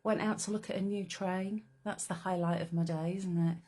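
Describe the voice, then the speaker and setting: A woman's voice: medium pitch, steady tone, fairly quick, a little mellow. A woman hosting a casual live craft stream, chatting away and greeting viewers by name. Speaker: livestream host.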